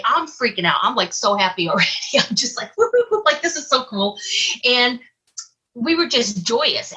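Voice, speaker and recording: A woman casually recounting a personal encounter as an investigator, animated and acting out her own reactions. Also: mid-range voice, slightly rough, rough recording. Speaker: guest, UFO investigator. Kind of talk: casual storytelling.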